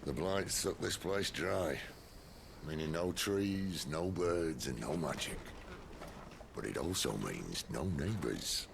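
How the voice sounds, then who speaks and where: An actor playing a wry middle-aged outlaw leader in a video game, easygoing and dry. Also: male voice, very deep voice, expressive, slow, gravelly, noisy background, heavily acted. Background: game music.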